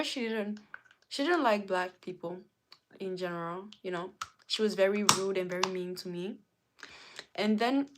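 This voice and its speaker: A woman from Africa talking earnestly and emotionally in a casual livestream monologue, telling stories and preaching her point. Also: mid-range voice. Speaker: livestream host.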